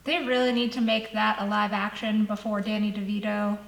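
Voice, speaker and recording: A woman's voice: medium pitch, level tone, brisk. A female co-host in upbeat, chatty casual conversation. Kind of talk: casual chat. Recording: echoey room with faint noise.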